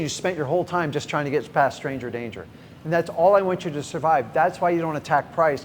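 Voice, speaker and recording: A middle-aged man leads a live seminar in a direct, energetic voice that sits a little high. He keeps putting questions to the audience and then answering them himself. His voice rings through a large hall with a long echo and a faint hum behind it. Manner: energetic, direct, acts out sample conversations. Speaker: real estate investing trainer. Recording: echoey hall, faint background noise.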